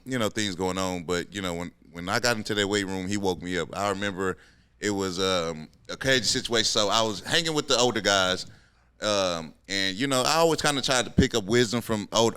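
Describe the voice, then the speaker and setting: A man's voice: sits low, bright, forceful tone, smooth, dry recording. A man in his thirties, a podcast host and former pro football player, talking in a laid-back, slangy, casual way.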